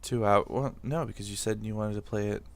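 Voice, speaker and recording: A man's voice: on the low side, steady tone, fairly quick, dry recording. A young man from the area co-hosting a casual gaming podcast, laid-back, swearing and laughing easily. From Boston area, USA. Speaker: podcast co-host. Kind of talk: casual chat.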